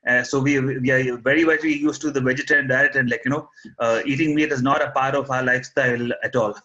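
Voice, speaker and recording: A man in his forties with an Indian accent calls in and asks his question hesitantly, with many fillers and restarts. His voice is bright and forceful, heard through dull, lo-fi call audio. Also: mid-range voice, fairly even intonation, fast. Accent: Indian English. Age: 40s. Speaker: caller. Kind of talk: casual question on a video call. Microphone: video call.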